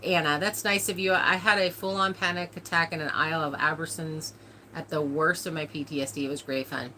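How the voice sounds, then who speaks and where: Bright-voiced woman chatting on a livestream. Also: low-pitched, steady tone, fairly quick, slight background noise. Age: adult, older than a cousin nine years younger. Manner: chatty storytelling with frequent laughs. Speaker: livestream host of a farm channel. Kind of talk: casual livestream chat, answering viewer comments.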